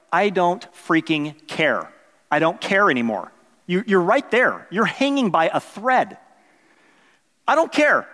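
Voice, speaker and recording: A man's voice: high voice, in a large hall. A middle-aged man, a pastor, telling a personal story in a sermon, acting out the voices of people in it and joking with the congregation. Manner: animated, acts out quoted voices, jokes with the congregation.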